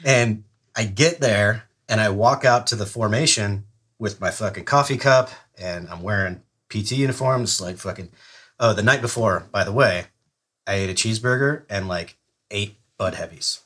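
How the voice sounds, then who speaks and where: A retired Army Ranger in middle age guests on a podcast, spinning a long, profane, laid-back story and laughing often. His voice runs on the low side, fairly bright and slightly rough, at a normal speed.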